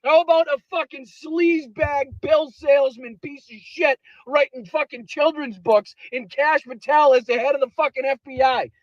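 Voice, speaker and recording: A tradesman yelling an angry rant full of swearing. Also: very high voice, steady tone, normal speed, hardly any pauses, dry recording. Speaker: tradesman posting a video rant. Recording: dull lo-fi clip.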